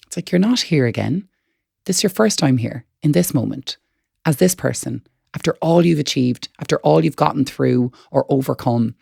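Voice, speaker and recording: A woman's voice: low voice, moderate pace, gravelly, mellow, husky, no room sound, clean studio sound. A woman co-hosting a wellness podcast, talking in an earnest, encouraging way and repeating words as she thinks. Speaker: podcast co-host. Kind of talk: reflective wellness chat.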